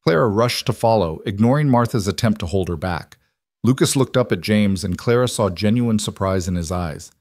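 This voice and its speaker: Low-voiced male story narrator. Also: moderate pace, no room sound, clean studio sound. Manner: even, steady storytelling.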